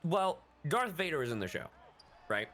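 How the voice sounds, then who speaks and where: A man's voice: fairly high pitch, very animated, moderate pace, bright, forceful tone. A man talking in a casual group chat with profane language and many restarts. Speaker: streamer on a group call.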